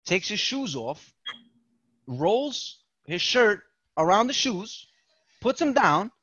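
This podcast guest has a high-pitched, slightly rough voice and talks slowly as he relates a long, profane story in casual chat. He animatedly acts out the quoted voices, and the lo-fi recording has no echo.

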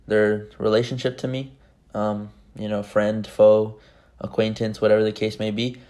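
A man's voice: lowish voice, a little mellow. Rambling, chatty male podcast host. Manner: rambling, chatty, many fillers. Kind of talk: casual podcast monologue.

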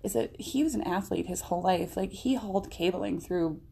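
A young woman in her late twenties chatting casually on a podcast, with a dark, mellow tone. She talks candidly and swears freely, slipping into the voices of people she quotes. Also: lowish voice, normal speed, gravelly. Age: 20s. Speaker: podcast co-host. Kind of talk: casual chat.

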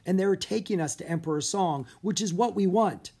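A reader voicing a serious, polite young boy who speaks formally and softly. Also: mid-range voice, brisk, slightly rough, voice pushed up.

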